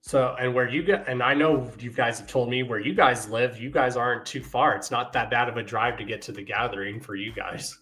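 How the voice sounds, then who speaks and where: In a casual podcast conversation, the host talks briskly with barely a pause, his voice medium in pitch. He brings his stories to life by acting out quotes and laughs frequently as he goes.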